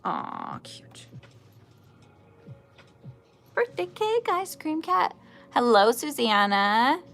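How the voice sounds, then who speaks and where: Woman, 40s, livestream craft host; chatty, slightly gravelly voice, faint music under her. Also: fairly high pitch, huge pitch swings, drawn-out words, a bit bright. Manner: chatty, answers viewer comments, laughs often. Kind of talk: casual chat while crocheting.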